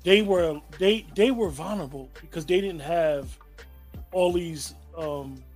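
A man's voice: fairly high pitch, unhurried, darkish tone, slightly rough, soft background music. A man hosting a casual group discussion, reflective and thoughtful, often restarting sentences as he thinks.

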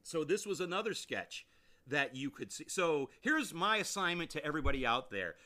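A man's voice: a little high, sing-song, normal speed, bright, forceful tone. A man hosting a podcast, giving an enthusiastic, rambling review and repeating phrases for emphasis. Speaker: podcast host. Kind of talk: casual review monologue.

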